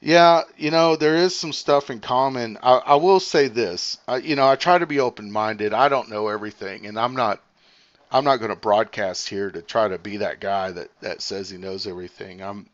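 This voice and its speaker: Low-voiced man rambling on a livestream. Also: lo-fi sound. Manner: rambling, thinks aloud with many fillers; talks fast while reading comments. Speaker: livestream host. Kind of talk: casual livestream commentary.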